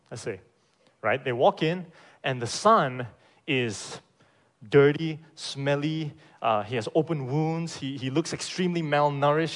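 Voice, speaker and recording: A man preaching a sermon in a church, emphatic, asking the congregation rhetorical questions and often checking in with "right?". His loudness swings between strong emphasis and quieter phrases. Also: on the high side. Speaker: pastor.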